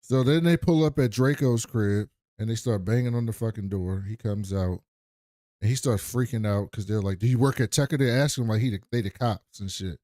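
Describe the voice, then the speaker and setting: Mellow-voiced man retelling a plot. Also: on the low side, fairly quick, no room sound, clean studio sound. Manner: laid-back plot retelling, quotes scenes. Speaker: podcast co-host. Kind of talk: casual TV recap narration.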